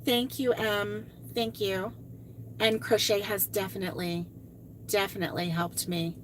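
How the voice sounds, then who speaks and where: Unhurried and steady in tone, a woman with a medium-pitched voice hosts a crochet live stream, chatting with viewers and reading out their comments. She gushes and exclaims frequently, with slight background noise present.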